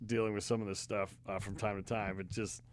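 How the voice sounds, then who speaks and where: A middle-aged man from New England telling a story on a podcast in a casual, profane, animated way. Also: brisk. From New England, United States. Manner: profane, animated storyteller, jumps into high-pitched acted quotes. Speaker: podcast co-host.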